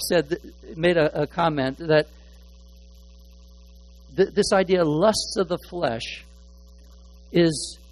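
A man preaching a sermon as pastor, often repeating words while he searches for a phrase, swinging between hushed asides and loud, stressed points. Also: a little high, low-quality recording.

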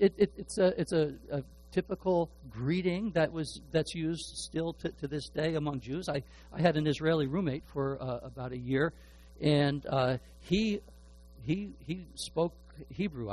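A man's voice: a little high, darkish tone, breathy edge, poor audio. A middle-aged man preaching a sermon, earnest, often repeating and restarting his words. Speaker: pastor.

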